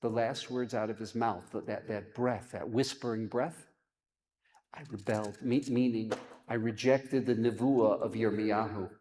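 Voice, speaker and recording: A man's voice: on the low side, steady tone, a little slow, mellow, slight background noise. A man, a rabbi, teaching a sermon, chanting verses and then explaining them with dramatic emphasis. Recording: long hall reverb.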